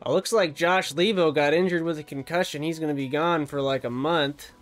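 A young man giving excited, fast play-by-play commentary over his own hockey video game as a gaming YouTuber. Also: a little high. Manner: animated, fast play-by-play with yelps and laughs. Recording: background music under voice.

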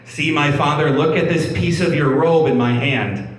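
A man's voice: fairly high pitch, moderate pace. A male pastor giving a sermon, reading scripture and explaining it conversationally, often restarting and repeating words. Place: church hall. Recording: echoey room, mic at a distance, faint background hum.

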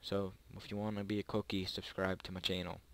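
A young man, maybe a teenager, giving chatty, rambling gameplay commentary to his viewers, with excited yelps and pleading during close calls. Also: low-pitched, a little fast. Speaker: gaming YouTuber.

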